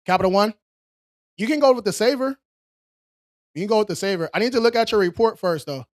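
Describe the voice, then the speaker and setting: A man's voice: high-pitched, fast talker, no echo, studio quality. A man hosting a live stream, reading viewers' questions aloud and answering them in a casual, streetwise way. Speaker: credit repair livestream host.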